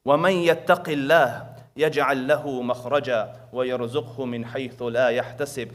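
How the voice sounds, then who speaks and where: Man, preacher, storytelling lecture, loud emphasis, hushed prayers, quick recitation. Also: medium pitch, fairly even intonation. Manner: rises loud for emphasis, drops soft for quoted prayers; recites Arabic verses quickly.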